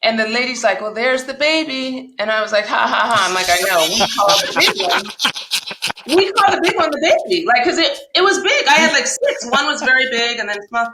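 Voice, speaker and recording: A woman telling her personal story as a podcast guest, animated and acting out the dialogue she recalls. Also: fairly high pitch, fairly quick, roomy sound, noisy background. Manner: animated retelling, acts out quoted dialogue.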